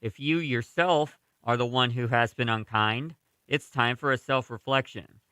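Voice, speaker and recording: A man hosting a college radio show, calmly reading a passage aloud and then chatting with his co-hosts. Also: medium pitch, clear, resonant tone, dry recording. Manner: calm, measured, reads aloud then discusses. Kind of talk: casual radio chat.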